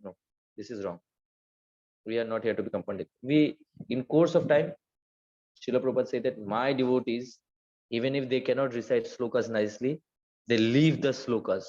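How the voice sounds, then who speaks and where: A man leads a devotional class at a middle pitch, telling stories and acting out the quotes with energy. He chants scripture verses quickly between his explanations. The recording sounds a little dull and lo-fi. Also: a little mellow. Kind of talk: Gita class lecture.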